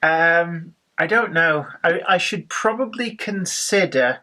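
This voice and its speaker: A woman's voice: fairly low pitch, expressive, takes it slowly, pushed and bright. A woman chatting eagerly in a casual vlog, explaining the game and her hobby plans. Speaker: co-host and opponent. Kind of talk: casual chat.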